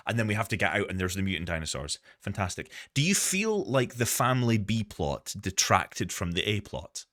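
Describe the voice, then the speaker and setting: A man's voice: on the low side, very animated, moderate pace, a bit bright. A young man co-hosting a casual podcast chat, enthusiastic and thinking aloud with many restarts. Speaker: podcast co-host.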